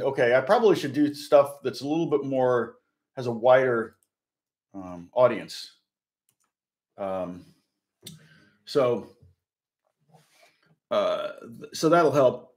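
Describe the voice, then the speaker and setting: Chatty man teaching guitar on a live stream. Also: mid-range voice. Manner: rambling and self-correcting, chatty. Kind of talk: live-streamed guitar lesson with chat questions. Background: guitar playing.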